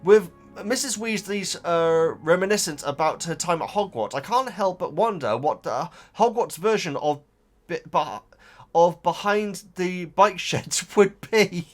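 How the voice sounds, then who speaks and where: A man's voice: sits high, animated, measured pace, soft background music. A man chatting casually as a YouTube reactor, reading out viewer comments and rambling, often stumbling over repeated words. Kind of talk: casual chat.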